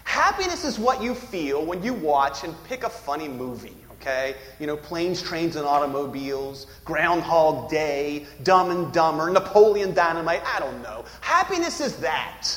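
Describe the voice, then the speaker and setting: A man preaching a sermon as pastor, telling stories and putting questions to the congregation, swinging from loud peaks to hushed near-whispers. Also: fairly high pitch, big pitch swings, moderate pace, few pauses. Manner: asks the congregation questions, storytelling. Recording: echoey church hall with long reverb.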